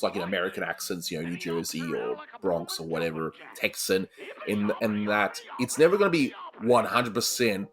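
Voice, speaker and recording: A man with an Australian accent, chatting casually as a co-host reviewing old cartoons, laughing often between fillers. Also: deep voice. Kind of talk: casual chat.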